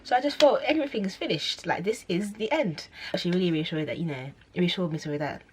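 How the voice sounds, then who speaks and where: Talking fast in a darkish tone over slight background noise, this young vlogger rambles through a story to camera, filling it with fillers and self-corrections. When quoting others, she acts out their voices with sudden high squeals.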